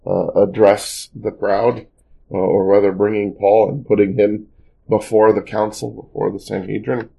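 Male pastor, low husky voice; reads scripture with emphasis, then talks it through plainly. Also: mellow, low-quality recording. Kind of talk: family worship scripture reading and devotional.

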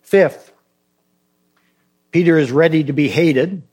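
A man's voice: fairly high pitch, takes it slowly, darkish tone, husky. A man preaching a sermon as pastor, emphatic and questioning, acting out short dialogues.

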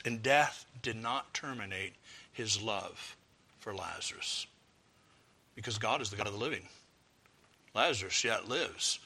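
A man preaching a sermon earnestly, rising to fervent appeals and dropping low for quoted prayers. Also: bright, forceful tone.

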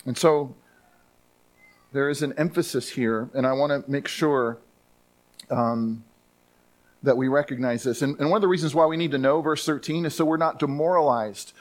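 Earnest male pastor preaching. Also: on the high side. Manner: earnest, repeats words for emphasis. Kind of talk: sermon. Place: church sanctuary.

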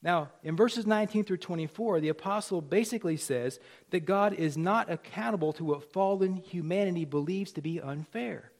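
Animated preaching man with a high voice. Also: moderate pace, few pauses. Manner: animated, swings from loud to hushed. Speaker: pastor. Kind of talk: sermon.

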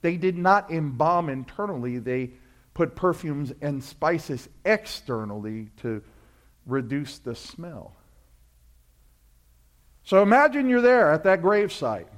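A man preaching a sermon, telling a story and acting out voices, building from quiet asides to loud fervent climaxes. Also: on the high side, expressive, takes it slowly. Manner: storytelling preacher, acts out voices, swells to shouts. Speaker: pastor.

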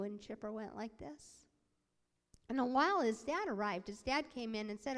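Woman interpreting a sermon story, high voice, lots of acted voices, big echoey hall. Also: normal speed. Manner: animated, acts out quoted voices. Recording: long hall reverb.

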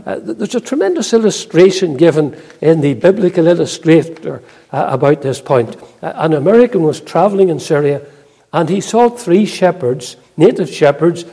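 A male preacher delivers a sermon, reading scripture slowly and solemnly before expounding on it with many "uh" fillers. His voice sits somewhat high but dark and husky in tone. A long church-hall reverb trails behind every phrase. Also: animated.

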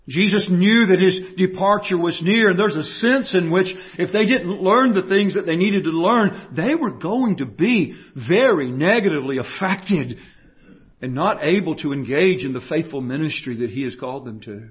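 A man's voice: sits high, animated, normal speed, husky, dull audio. A man preaching a sermon, emphatic, repeating key phrases and asking the listeners rhetorical questions.

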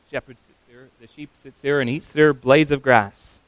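A man's voice: mid-range voice, steady tone, dry recording, rough recording. Earnest male pastor preaching. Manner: earnest, emphatic, slows on key phrases. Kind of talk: sermon.

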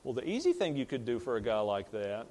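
A man's voice: medium pitch, wildly swooping pitch, quick pace, mellow. Plain-spoken man preaching a sermon. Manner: plain-spoken, repeats words and restarts while building a point. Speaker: pastor. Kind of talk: conversational sermon.

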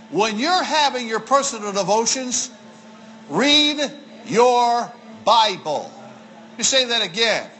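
A high-pitched man preaching to his congregation in a church. He is emphatic, repeats his key lines and drags out words for weight, with a faint hiss of room noise behind him. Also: sharp tone, rough recording. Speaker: pastor. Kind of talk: sermon.

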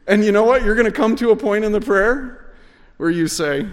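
A man preaching a sermon as pastor, earnest and measured, sometimes rising to shouts to stress a point. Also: high voice. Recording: long reverb of a large hall.

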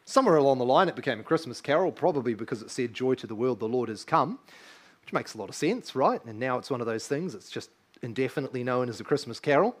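A man's voice: medium pitch, expressive, fast talker. A man in his thirties preaching a sermon, earnest and emphatic, often asking his listeners rhetorical questions. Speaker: pastor.

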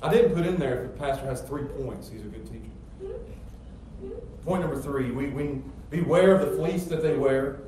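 A middle-aged pastor preaching a sermon with emphatic, rising rhetorical questions. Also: male voice, a little high, lively intonation, moderate pace, mellow. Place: church sanctuary. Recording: very echoey church hall, distant mic, faint noise.

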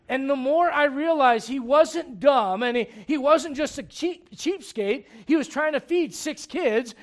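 A male pastor delivering a sermon in a notably high voice. He presses his points with rhetorical questions and moves from loud urgency to a hushed, grave tone. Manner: emphatic, many rhetorical questions; swings between loud urgency and hushed gravity.

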